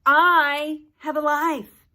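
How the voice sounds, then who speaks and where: A woman's voice: high voice, level tone, very slow, sharp tone, pitched above the performer's own voice, exaggerated voice. A woman voicing a bored, whiny teenage boy who drags out his words in a slacker drawl.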